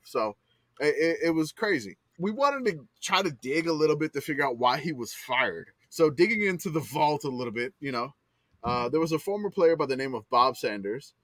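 A man with a somewhat high voice hosts a casual sports podcast, walking through old records with eager running commentary. His voice is close and dry, with no room sound around it. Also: fairly bright tone, no echo. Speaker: podcast host. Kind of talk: casual chat.

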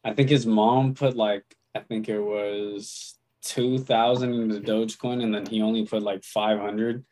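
A man's voice: lowish voice, fairly even intonation, a little slow, a little mellow. A young man co-hosting a podcast, laid-back and slangy in casual chat. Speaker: podcast co-host.

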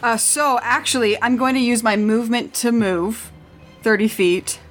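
A woman playing a tabletop game, stating her moves in a matter-of-fact, deliberate way. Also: on the high side, soft background music. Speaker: player.

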